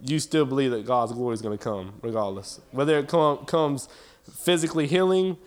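A man with a brisk, medium-pitched voice preaches to his church, building intensity through repeated phrases. His cadence is impassioned and repetitive, and his talk is folksy, complete with "y'all."

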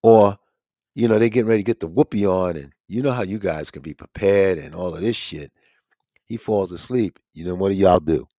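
A man's voice: sits low, a little fast, no echo, clean studio sound. A man hosting a podcast, ranting in casual, profane commentary. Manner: animated, swearing, ranting. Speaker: podcast host.

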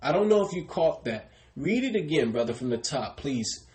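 A man's voice: a little high, big pitch swings, moderate pace, darkish tone, low-quality recording. A man preaching a sermon, repeatedly addressing his listeners as brothers and sisters and calling on a reader to repeat verses.

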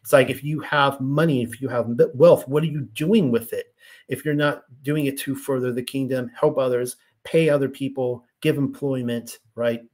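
A man's voice: mid-range voice, steady tone, moderate pace, a little mellow. A man reading passages of a spiritual text aloud and then explaining them in loose, chatty asides full of "you know" and "right?".

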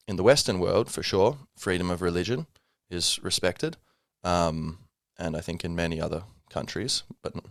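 A man's voice: low-pitched, creaky, no echo, studio quality. A man hosting a casual solo podcast, rambling with many fillers and self-corrections. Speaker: podcast host.

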